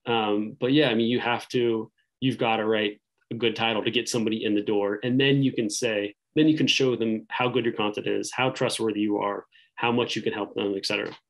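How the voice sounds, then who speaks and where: A man talking as a podcast guest in casual interview chat, rambling and thinking aloud, filling pauses with "like" and "um" and restarting his sentences. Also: on the low side, steady tone, creaky, rough recording. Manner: rambling, heavy use of "like" and "um".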